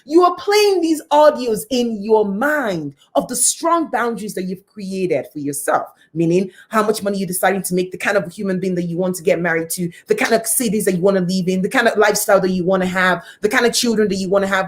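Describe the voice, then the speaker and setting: A woman's voice: medium pitch, quick pace, hardly any pauses. A woman giving a motivational talk as a coach, emphatic and repeating phrases for effect. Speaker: guest speaker and coach.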